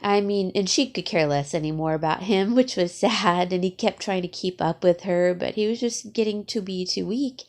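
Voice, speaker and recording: A woman talking casually to her viewers from her garage, tearful and sniffling, halting with many fillers. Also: medium pitch. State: teary from crying. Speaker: vlogger. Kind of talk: casual vlog talk. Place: home garage.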